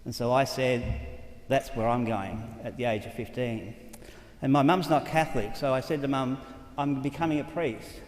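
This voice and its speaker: A man's voice: mid-range voice, moderate pace. An older Australian man, a Catholic priest, telling stories in an earnest, conversational way. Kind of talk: storytelling talk. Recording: echoey hall reverb.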